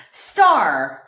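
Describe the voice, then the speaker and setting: A woman's voice: sits high, a bit bright, echoey room. A woman coaching on a livestream, ranting bluntly and profanely and answering viewers' comments. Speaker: manifestation coach. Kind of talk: casual livestream rant.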